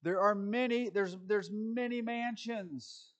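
Slow, chatty man preaching a sermon. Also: high voice. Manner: folksy, chatty, with frequent fillers and restarts. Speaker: pastor. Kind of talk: conversational sermon.

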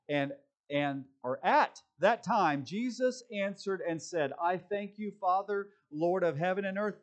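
A slightly high-voiced male pastor delivers a sermon from the church pulpit. He reads scripture aloud, then slips into relaxed, conversational asides.

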